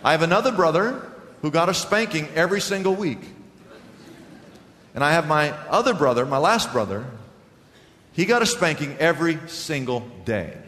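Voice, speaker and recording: Preaching pastor in a reverberant sanctuary. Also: male voice, a little high, sing-song, moderate pace, pauses often, fairly bright tone. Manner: storytelling with humor, repeating lines for emphasis. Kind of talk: sermon. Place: church sanctuary before a congregation. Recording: hall reverb with faint room noise.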